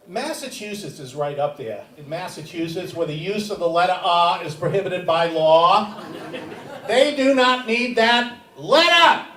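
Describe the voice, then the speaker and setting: A man's voice: high voice, a bit bright. Older man, stand-up emcee, wry and self-deprecating, live theater, echoey and distant. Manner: wry, self-deprecating, crowd-teasing delivery. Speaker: stand-up comedy teacher and emcee. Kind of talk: stand-up comedy set. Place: comedy theater stage with a live audience. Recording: roomy, distant live-stage recording with audience noise.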